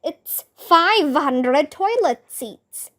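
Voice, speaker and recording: A woman's voice: high-pitched, animated, extremely slow, a bit bright, exaggerated voice. A woman voicing a plain-spoken male delivery man in a storybook reading. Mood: matter-of-fact.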